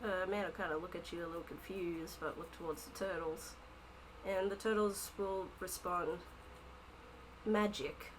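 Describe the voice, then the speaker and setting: A woman's voice: lowish voice, steady tone, moderate pace, low-quality recording. A woman running a tabletop game as game master, narrating with frequent fillers.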